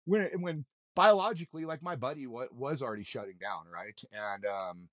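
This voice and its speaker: A man's voice: medium pitch, moderate pace, dry recording. Man telling a wild story, dry close mic. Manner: vivid, swearing, rambling with fillers and restarts. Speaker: mountain guide and podcast guest. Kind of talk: casual storytelling in an interview.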